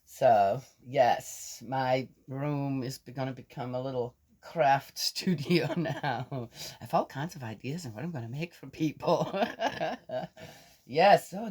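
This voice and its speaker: A woman's voice: very deep voice, darkish tone. An older woman chatting casually to her viewers, rambling from one thought to the next and laughing often. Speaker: vlogger. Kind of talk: casual chat to camera.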